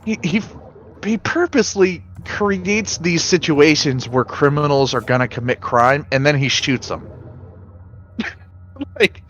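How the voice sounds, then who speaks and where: A man's voice: fairly high pitch, a little slow, fairly bright tone, highs cut off, a little hiss or hum. A man streaming, chatting casually with friends, swearing and acting out movie lines.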